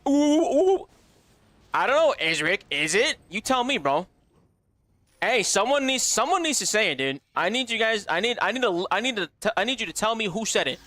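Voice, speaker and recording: Here a gaming streamer chats casually with viewers while he plays, swearing, joking and speaking brashly right to the chat. He pitches his voice high in a sing-song way, talking fairly quickly with a sharp tone, and there's no echo.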